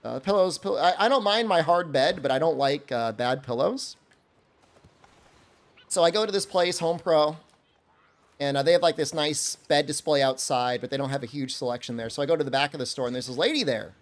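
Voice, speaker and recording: A man streaming a game, telling a funny story in a casual, animated way and laughing often. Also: a little high, fairly quick.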